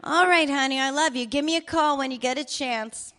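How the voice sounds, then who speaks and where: A woman's voice: high-pitched, a little fast, a bit bright. A woman voicing her older father reading his voicemails, swearing freely and joking with wry affection. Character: older father, cheerful, profane, doting. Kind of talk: reading voicemails aloud in character.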